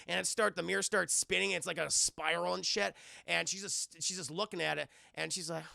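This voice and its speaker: A man streaming live, recapping a film in a rambling, profane and animated way. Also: high-pitched, a little fast, gravelly, no echo, clean studio sound.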